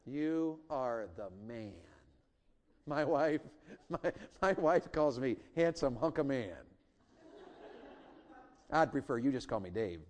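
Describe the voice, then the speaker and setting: A middle-aged man preaching a sermon in a church, swinging from loud emphatic lines to hushed intimate ones, with joking asides. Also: medium pitch, unhurried, pauses often. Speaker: revival preacher. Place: church sanctuary.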